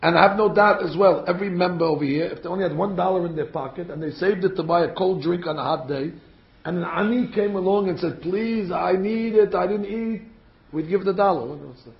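Rabbi delivering a sermon, gravelly, slightly high for a man; echoey, dull recording. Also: quick pace. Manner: animated, rhetorical questions, acts out quotes. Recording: echoey room, dull sound.

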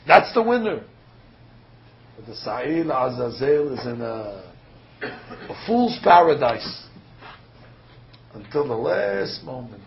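A man's voice: medium pitch, sing-song, slow pace, gravelly, pauses often, slight background noise. A man preaching in a sermon that mixes in a story, emphatic and full of rhetorical questions, sometimes stumbling on fillers. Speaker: rabbi giving a sermon. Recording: dull lo-fi recording with faint ambience.

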